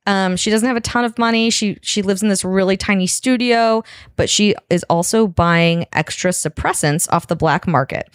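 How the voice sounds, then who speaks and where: A woman's voice: medium pitch, normal speed, clear, resonant tone, no room sound, clean studio sound. A woman co-hosting a podcast, retelling a story in casual chat and acting out the characters' lines.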